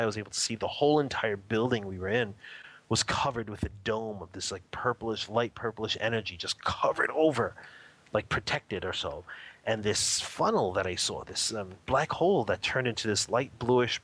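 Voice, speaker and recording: A man's voice: on the low side, normal speed, fairly bright tone. A man, a spiritual teacher, telling a personal story in a radio interview, earnest and vivid, often rephrasing as he describes what he saw.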